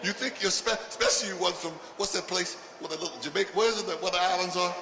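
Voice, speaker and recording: A man's voice: high-pitched, quick pace, vocal fry, bright, forceful tone, distant mic. A man doing a stand-up routine for a live audience, punchy and laughing through his own lines as he jabs at the crowd. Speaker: stand-up comedian. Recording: echoey hall with audience noise.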